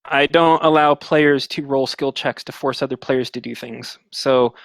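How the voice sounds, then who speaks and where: A man's voice: mid-range voice, fairly even intonation, measured pace, creaky, a bit bright, no echo. A man running a tabletop game as game master, explaining the rules plainly and easily.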